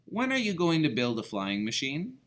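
A man putting on a chirpy little storybook bird with a high, sing-song voice that swoops up and down. It sounds bright and cheerful and speaks slowly and sensibly. It chirps its words like a friendly songbird. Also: huge pitch swings. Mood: encouraging.

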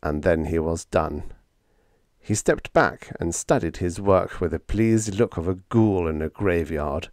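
A man reading a humorous story aloud, with a lively, playful first-person telling. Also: sits low, a little slow, no echo, clean studio sound. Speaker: audiobook narrator.

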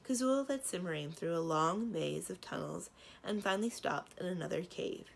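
A woman librarian reading a children's book aloud with expressive storytelling. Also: on the low side, moderate pace, creaky, a little hiss or hum.

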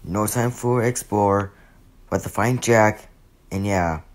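A man's voice: fairly low pitch, slow pace. A man voicing a brash young male tiger hero in a plush puppet show, trash-talking his foes. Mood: gentle. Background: music.

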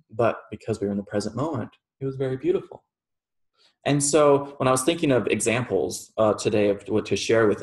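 A man preaching a relaxed, conversational sermon to a small class, telling a personal story and laughing often. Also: fairly low pitch, gravelly. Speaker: reverend.

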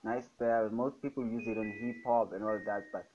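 A man's voice: fairly low pitch, steady tone, moderate pace, highs cut off. Upbeat young man hyping his beats. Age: young adult. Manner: enthusiastic, repeats "fire, guys". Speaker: music production tutor. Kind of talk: casual screen-recorded tutorial. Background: loud music playing.

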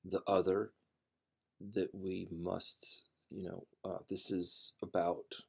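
A man hosting a storytelling channel, chatting casually before a reading, rambling and halting with many fillers and restarts. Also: low-pitched, little pitch movement, creaky, a bit bright, breathy edge.

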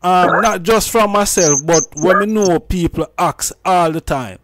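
Male interviewer, slow and halting, fairly high voice, dry sound. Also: a bit bright. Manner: halting, many "um"s and restarts. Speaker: interviewer, host. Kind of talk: interview questions.

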